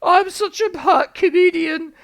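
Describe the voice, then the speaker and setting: A man's voice: extremely high pitch, unhurried, gravelly, voice pushed up, exaggerated voice. A man putting on a mocking impression of a self-pitying, wealthy male comedian who whines about being insulted online. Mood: whining.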